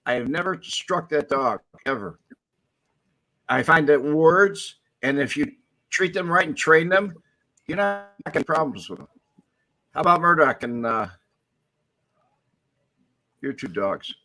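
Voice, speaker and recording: A man's voice: on the high side, lively intonation, unhurried, long pauses, bright, forceful tone, poor audio. A man co-hosting a casual live-stream chat, matter-of-fact in his remarks. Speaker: podcast co-host.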